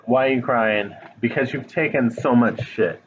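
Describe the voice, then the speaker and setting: A man's voice: medium pitch, normal speed, dull audio, noisy background. A man giving a casual tarot reading straight to the viewer, blunt and frank, swearing now and then. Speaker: tarot reader. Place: home, dog nearby.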